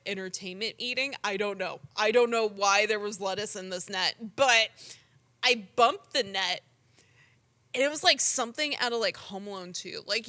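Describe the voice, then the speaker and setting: A young woman co-hosting a podcast, telling stories in an animated, casual way full of "like" and the odd swear word. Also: mid-range voice. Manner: animated storytelling, frequent "like" and swearing. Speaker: podcast co-host. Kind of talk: casual chat.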